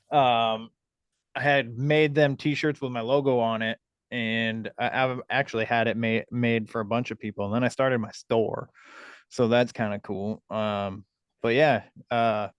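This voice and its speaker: A male podcast host with a smooth, resonant voice at a middle pitch. He rambles casually, pausing on ums and uhs, in a dry, close recording. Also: steady tone, no echo. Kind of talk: casual chat.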